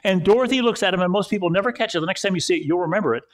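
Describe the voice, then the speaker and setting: Male pastor, sermon, fairly high-pitched voice, chatty storytelling delivery, repeats lines for emphasis. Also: rapid-fire. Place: church service.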